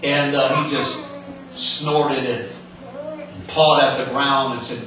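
A man's voice: medium pitch, fairly even intonation, takes it slowly, pushed and bright, a little hiss or hum. A man preaching a sermon in an earnest way, often repeating words and restarting, heard in an echoey hall from some distance.

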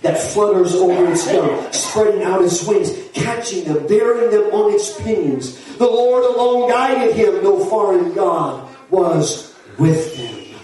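A man preaching a fiery sermon as pastor, building to shouts with folksy asides. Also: sits high, slow pace, hardly any pauses. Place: church sanctuary. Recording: echoey hall from far off.

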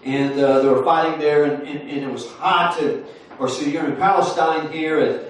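A man's voice: fairly high pitch, fairly even intonation, moderate pace. A man in his forties preaching a sermon in a folksy storytelling way, full of fillers and restarts. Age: 40s. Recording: roomy far-off sound with faint noise.

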